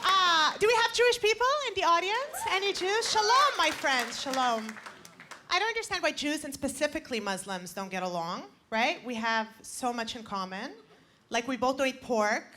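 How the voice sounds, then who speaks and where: A woman's voice: high voice, animated, normal speed, a little hiss or hum. A woman in her twenties doing punchy, self-mocking stand-up comedy on a club stage. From Canada. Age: 20s. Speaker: stand-up comic. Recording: stage mic with roaring audience. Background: loud audience laughter.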